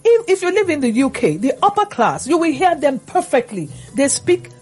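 Animated middle-aged woman. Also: sits high, moderate pace, soft background music. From Nigeria. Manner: animated, laughing often, mimics accents. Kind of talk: casual chat.

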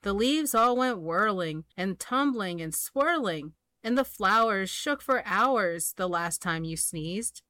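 A woman's voice: medium pitch, animated, slow, few pauses, pushed and bright, no room sound, studio quality. A woman voicing a group of worried monkeys in a storybook, pleading in sing-song rhyme. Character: chattering troop of fretful monkeys.

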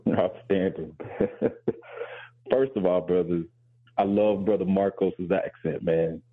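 A man's voice: sits low, slow pace, slightly rough, narrow, tinny audio. A male professor hosting a talk show, speaking candidly and reflectively with frequent restarts. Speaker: host and professor.

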